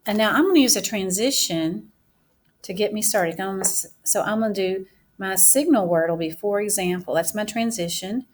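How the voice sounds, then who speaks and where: Speaking in an expressive, mid-range voice, a woman teacher runs a writing mini-lesson for her class. She goes slowly and deliberately, voicing every word as she writes it down.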